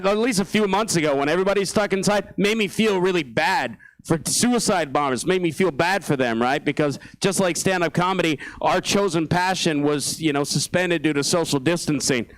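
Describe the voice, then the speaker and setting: A man's voice: high voice, rough recording. A man doing a stand-up set on a small theatre stage, ranting angrily, swearing a lot and laughing at his own jokes. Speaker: stand-up comedian.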